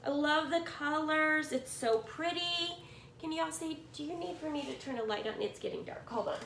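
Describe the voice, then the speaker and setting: In a cluttered room at home, a middle-aged woman with a high, gravelly voice unboxes yarn from a swap at a normal speed. Gushing and excitable, she chats casually with her viewers like friends, and the recording has a roomy sound with a bit of hiss or hum.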